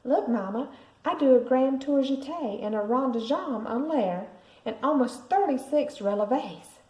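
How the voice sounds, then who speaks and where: A woman voicing an excitable young girl who loves ballet, speaking eagerly. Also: mid-range voice, a little slow. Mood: excited. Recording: roomy echo.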